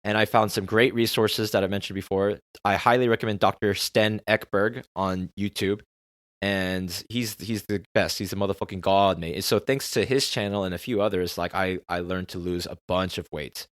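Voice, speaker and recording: A man's voice: deep voice, fairly even intonation, normal speed, no room sound, clean studio sound. A man hosting a podcast in a candid, confessional personal monologue, swearing freely. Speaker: podcast host.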